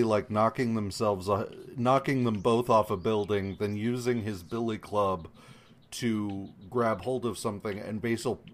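A man co-hosting a casual podcast, recapping a comic with many ums and meandering asides. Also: on the low side. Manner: meandering, lots of ums, quick acted quotes. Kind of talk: casual chat.

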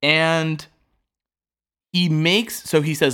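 A man's voice: fairly high pitch, lively intonation, moderate pace, a bit bright. A man co-hosting a podcast, chatting casually about a TV show and acting out the characters' lines with laughs. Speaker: podcast co-host. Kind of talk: casual chat recapping a TV show.

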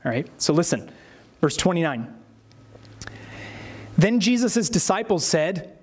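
High-voiced man preaching a sermon. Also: a little slow, pauses often. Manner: expressive preaching, acting out quoted voices. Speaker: pastor.

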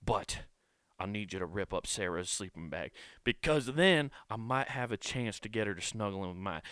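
A man's voice: mid-range voice, expressive, brisk, a bit bright, clear, resonant tone, no echo, clean studio sound, natural voice. A man voicing a sheepish male dog owner who cheerfully excuses his pet and pleads with it. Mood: pleading.

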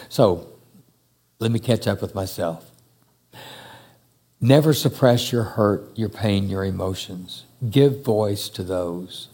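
A man preaching a sermon to a church congregation, speaking slowly and emphatically with long pauses. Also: fairly low pitch, mellow. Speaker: pastor. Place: church hall. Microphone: handheld or stand mic.

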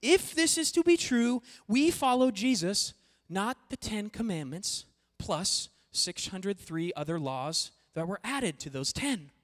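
A pastor preaching a sermon to a congregation, talking animatedly and swinging between quiet passages and loud emphatic bursts. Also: mid-range voice, expressive, unhurried. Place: church hall before a congregation. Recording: long echoey hall reverb.

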